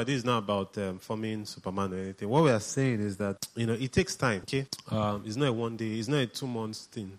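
A man preaching a sermon in a conversational way, often asking the congregation questions. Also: fairly low pitch.

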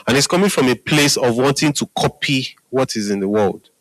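In a rough recording with no room sound, a man with a mid-range voice speaks a little fast as he delivers a conversational sermon. He keeps repeating "Hallelujah" and asks the audience "are we together?" to make sure they're following.

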